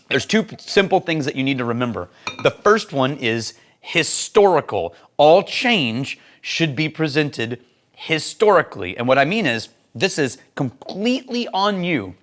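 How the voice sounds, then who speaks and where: A man hosting a casual whisky tasting vlog and giving advice. He is animated and opinionated, laughs often, and rushes through his asides. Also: on the high side. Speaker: whisky reviewer and host.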